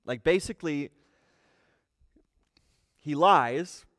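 A man's voice: fairly high pitch, extremely slow, a bit bright, no room sound, in a large hall. A man teaching a livestreamed Bible study, explaining verses and often asking rhetorical questions.

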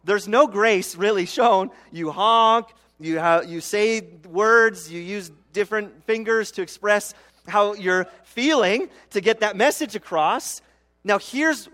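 A man's voice: high voice, fairly bright tone. A man preaching a conversational sermon as a pastor, often checking in with the audience with rhetorical asides and acting out other people's complaints.

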